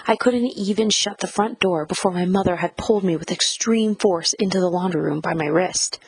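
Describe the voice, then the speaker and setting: A woman narrating a first-person audiobook in a measured, reflective reading style. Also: lowish voice, husky, no room sound, low-quality recording.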